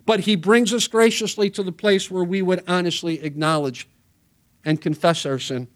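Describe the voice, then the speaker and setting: A man preaching a sermon as pastor, reading scripture quickly and then explaining it with earnest emphasis. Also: high-pitched, steady tone.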